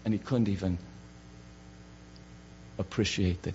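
A man preaching a sermon fervently, swinging from loud declarations to hushed words, on a dull recording with hum. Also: medium pitch, expressive, a little slow.

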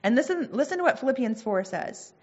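A woman's voice: on the high side, sing-song, a little fast, darkish tone, husky, highs cut off. A woman giving an earnest, conversational Christian teaching, with casual asides between points. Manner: earnest, conversational, reads scripture aloud.

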